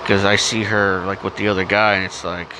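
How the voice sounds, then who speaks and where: A man's voice: deep voice, little pitch movement, brisk, noisy background. A man with a cough talking in a rambling, blunt, profane casual monologue, often stopping to cough. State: has a cough. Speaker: vlogger.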